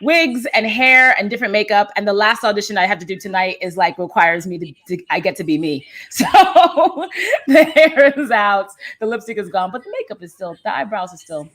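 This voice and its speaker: A woman co-hosting a podcast in casual chat, animated and quick to laugh, talking from a home self-tape setup. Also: medium pitch. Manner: animated, laughing, lots of "like" and "literally". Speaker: podcast co-host.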